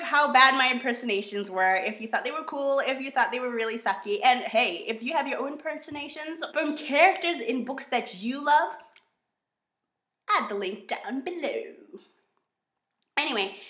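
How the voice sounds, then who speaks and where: A woman with an American accent chatting in a bubbly, expressive way on her book vlog. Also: a little high. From United States. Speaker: book vlogger. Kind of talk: casual vlog chat. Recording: roomy echo.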